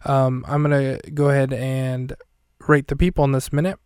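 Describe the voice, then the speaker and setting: A man's voice: medium pitch, little pitch movement, normal speed. A man hosting a podcast, casually recapping a film scene by scene in a rambling, self-correcting, light and jokey way. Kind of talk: casual chat.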